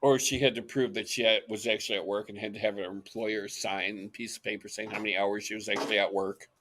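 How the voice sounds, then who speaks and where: A man's voice: on the low side, level tone, fast, fairly bright tone. Mocking, crude male co-host. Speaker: co-host reacting to clips. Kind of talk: casual commentary.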